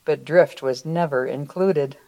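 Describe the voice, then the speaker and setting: A woman with a voice that sits low reads a children's story aloud during a church service. She goes slowly and expressively, then finishes with a short prayer.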